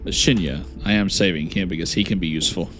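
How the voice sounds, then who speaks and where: A man's voice: low voice, steady tone, rapid-fire, a bit bright, slight background noise. A man hosting a let's play, reading out his dialogue choices and thinking aloud as he plays. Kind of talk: casual gameplay commentary.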